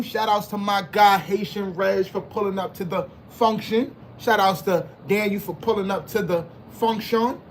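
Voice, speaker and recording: This livestream host is a man whose high voice comes with a little hiss or hum. Running a casual stream, he's hyped and full of slang, calling out chat members by name and saying his phrases again and again.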